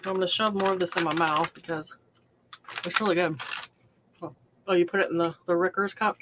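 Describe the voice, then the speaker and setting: A woman's voice: on the low side, fairly even intonation, brisk, background noise. A woman hosting a casual livestream from her hobby room, chatty and self-deprecating, laughing often. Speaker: livestream host. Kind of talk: casual livestream chat while crafting.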